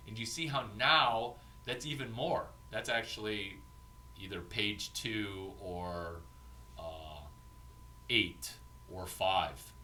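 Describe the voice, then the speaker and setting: A man talks through an informal coaching session as a mentor, swearing freely and slipping into acted snatches of banter. His voice sits on the low side but cuts through with a hard, tense brightness. A faint hiss runs underneath. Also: slow. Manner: profane, animated, acts out quoted banter. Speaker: entrepreneurship mentor.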